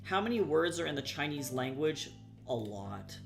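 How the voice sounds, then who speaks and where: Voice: medium pitch, very animated, moderate pace, music in the background. A young adult streamer in casual live-stream chat, rambling and swearing casually while talking to viewers.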